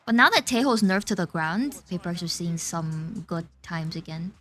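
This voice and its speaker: A woman hosting an esports watch party, switching between loud cheering and quick match analysis. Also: fairly low pitch. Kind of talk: excited esports co-watching chat.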